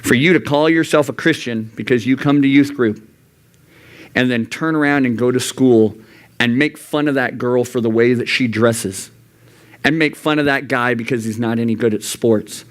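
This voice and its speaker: A young adult man giving an earnest youth sermon in a church youth room, often jumping into high, animated voices when quoting God and himself. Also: normal speed. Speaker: youth pastor.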